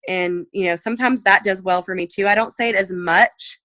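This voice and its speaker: A woman's voice: a little fast, no echo. A woman leading a casual sales coaching talk over a video call, chatty and full of "like" and "you know," perking up when she acts out messages. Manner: animated, jumps up in pitch when acting out messages. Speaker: direct sales team leader. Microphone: video call mic.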